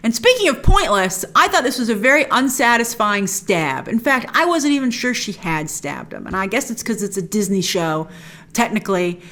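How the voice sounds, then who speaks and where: Animated enthusiastic woman recapping an episode. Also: medium pitch, normal speed. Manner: enthusiastic, gushing; chatty, slips into retelling scenes. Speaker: host.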